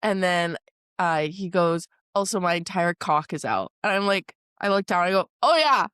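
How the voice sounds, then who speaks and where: A woman's voice: lowish voice, expressive, moderate pace, a bit bright, clean tone, dry recording, clean studio sound. A young woman from Canada in her twenties, co-hosting a casual podcast chat and telling stories with giggles and animation. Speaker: podcast co-host.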